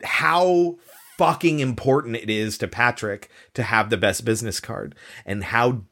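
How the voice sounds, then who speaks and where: A man's voice: medium pitch, measured pace, creaky, fairly bright tone. A man co-hosting a casual podcast about a film, talking in a wry, analytical way and musing aloud with rhetorical questions. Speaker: podcast co-host.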